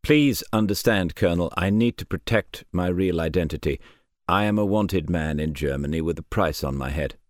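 A man's voice: low-pitched, moderate pace, no echo, studio quality, lightly acted. A man voicing an earnest male German officer who has defected, answering guardedly in an audiobook.

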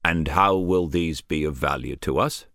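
A man's voice: rumbling low, a little slow, fairly bright tone, no echo, full character voice. A man voicing a shrewd, rotund male colonel in his sixties, putting dry, probing questions in an audiobook.

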